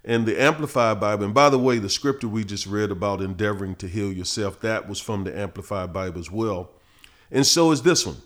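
A middle-aged man, a pastor teaching Bible verses on a podcast, who gets louder and higher when he reads scripture. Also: brisk. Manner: preachy, rises in pitch and force reading scripture.

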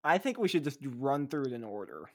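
A man co-hosting a laid-back podcast, chatting with eager excitement. He rambles freely, leaning on fillers like "um" and "like" and restarting his sentences as he goes. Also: mid-range voice, fairly quick. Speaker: podcast co-host. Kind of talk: casual chat.

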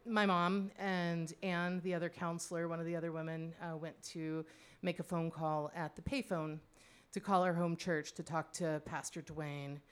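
A woman's voice: lowish voice, level tone, moderate pace, smooth. Wry woman telling a personal story. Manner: conversational, wry, many fillers and asides. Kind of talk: personal storytelling, spoken monologue.

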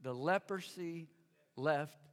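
A man's voice: a little high, slow. A man preaching a sermon as pastor, emphatic and calling out for his congregation to answer back. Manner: emphatic, engages congregation with call-and-response. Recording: long hall reverb.

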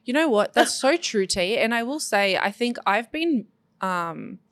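A woman's voice: fairly high pitch, animated, unhurried, a bit bright, no echo. A woman co-hosting a podcast in casual chat, affirming her partner, asking questions and summing up points. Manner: affirming, summarizes and asks questions. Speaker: podcast co-host.

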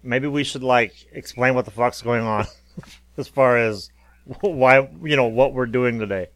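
A man's voice: medium pitch, measured pace, dry recording. A middle-aged man telling stories in casual, profane podcast chat. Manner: profane, animated storyteller. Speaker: podcast co-host.

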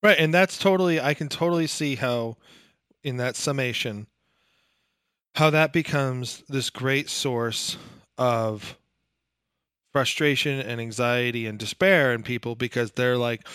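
A man co-hosts a casual podcast, talking loosely and leaning on lots of fillers as he thinks aloud. His voice is mid-pitched. The recording is dry and close. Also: measured pace, a bit bright, clear, resonant tone, no echo. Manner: loose, filler-heavy talk. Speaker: podcast co-host.

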